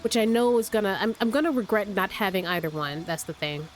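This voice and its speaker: A woman with a cold, a bit stuffy and raspy, thinking aloud as she hosts casual gameplay commentary from her room at home. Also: mid-range voice, expressive, quick pace, soft background music. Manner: thinks aloud, rambling with restarts. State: sick, stuffy and a little raspy. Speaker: let's play host.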